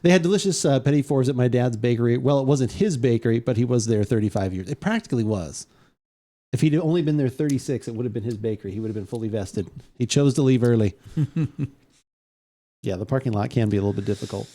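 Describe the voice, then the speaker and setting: Fast-talking man with a dark voice. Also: mid-range voice. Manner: rambling, many fillers and restarts, animated storytelling. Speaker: podcast co-host. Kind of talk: casual chat.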